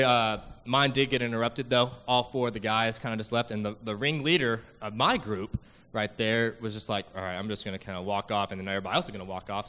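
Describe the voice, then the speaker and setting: A man's voice: mid-range voice, sharp tone, in a large hall. A young man giving an earnest, emotional church testimony about a mission trip, full of fillers and restarts.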